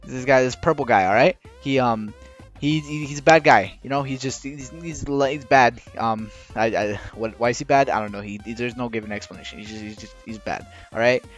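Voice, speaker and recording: A man rambling through a casual explainer while drawing, halting with many restarts and rushing against a timer. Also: mid-range voice. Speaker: video creator explaining game lore. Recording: dull lo-fi recording with faint music.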